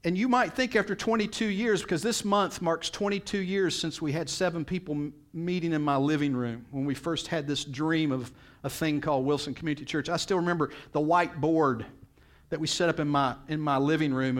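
A middle-aged male pastor preaching a sermon in a storytelling way, his voice jumping up when he quotes people. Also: on the high side.

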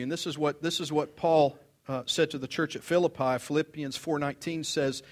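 An older man, a pastor, preaching a sermon in a conversational, animated way, mixing humorous stories with scripture and swinging between loud emphasis and quiet asides. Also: on the high side.

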